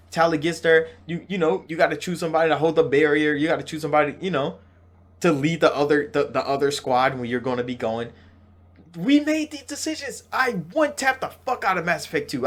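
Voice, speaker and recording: A young man hosting a gaming channel, talking excitedly in a casual game reaction, cursing freely and swinging between loud outbursts and slow, drawn-out stresses. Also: a little high.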